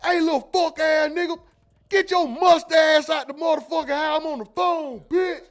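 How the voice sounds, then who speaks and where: A man playing an angry father who yells profane threats at his kids from another room. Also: very high voice, fairly even intonation, normal speed, voice pushed up. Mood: furious. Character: furious man yelling at his kids at home.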